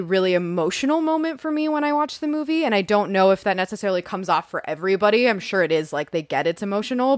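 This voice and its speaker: Chatty woman with a low voice. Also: no room sound, studio quality. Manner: rambling, reflective, says "like" often. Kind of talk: casual film review chat.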